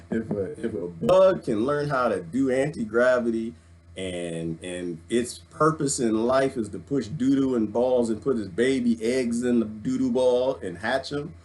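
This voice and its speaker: A man, ranting in an excitable, jokey, preachy way on a livestream, wired on coffee, swinging from loud to hushed. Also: mid-range voice. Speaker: vlogger reading live comments. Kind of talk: animated livestream rant.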